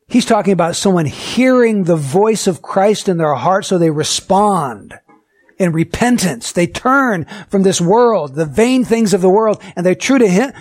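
A man preaching a sermon, earnest and emphatic, asking the listeners rhetorical questions and slowing down to stress key words. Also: high voice. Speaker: pastor.

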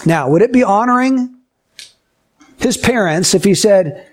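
Male Bible teacher, high voice, talks to kids and acts out little scenes as examples. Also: animated, unhurried, pauses often. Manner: asks the listeners questions and acts out short scenes. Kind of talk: Bible lesson for children.

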